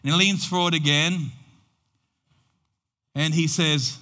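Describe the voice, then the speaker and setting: Delivering a slow sermon story, this high-voiced pastor keeps a steady, bright tone and lets dramatic pauses build the tension. The church hall adds a long, ringing reverb.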